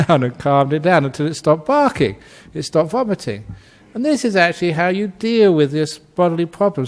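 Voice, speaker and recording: A man giving a Buddhist dharma talk, telling stories in a gentle, humorous way and laughing often. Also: on the high side. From Australia. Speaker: Buddhist monk teacher.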